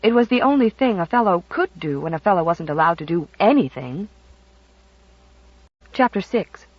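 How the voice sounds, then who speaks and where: Expressive audiobook narrator, dry and muffled. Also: mid-range voice, fairly quick, no echo. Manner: expressive storytelling. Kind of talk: scripted narration.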